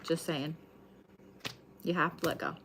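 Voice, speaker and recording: A woman's voice: low voice, steady tone, unhurried, heavy background noise. A woman giving a live tarot reading in a casual, chatty way, swearing freely. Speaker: tarot card reader.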